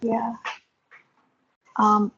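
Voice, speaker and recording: A woman's voice: a little high, monotone, drawn-out words, fairly bright tone, muffled recording, slight background noise. A woman with a Vietnamese accent, a student in an English lesson, reading her answers aloud hesitantly and carefully repeating words after her teacher.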